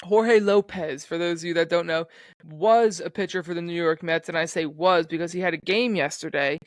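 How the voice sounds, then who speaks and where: A man's voice: fairly high pitch, steady tone, moderate pace, dry recording. A young man co-hosting a podcast, chatting casually in a laid-back, profane way. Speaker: podcast co-host. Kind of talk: casual chat.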